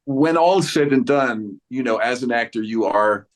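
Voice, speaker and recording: A man's voice: mid-range voice, unhurried. A man in his sixties, an actor giving a press interview, who rambles with many restarts and acts out quoted voices. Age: 60s. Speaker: actor guest.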